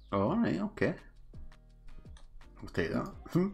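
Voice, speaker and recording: A man's voice: fairly high pitch, very animated, a little slow, gravelly, pauses often. A middle-aged Scottish man chatting with his live viewers as he streams a game, telling a story with laughter, swearing and restarts. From Scotland. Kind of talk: casual chat with live viewers. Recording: faint music behind.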